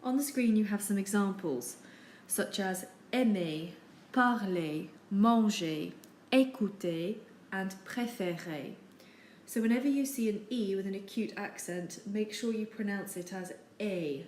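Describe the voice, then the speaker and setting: A woman teaching over slides, with a steady, patient delivery and frequent ums. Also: mid-range voice, normal speed. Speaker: French teacher. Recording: echoey room with faint noise.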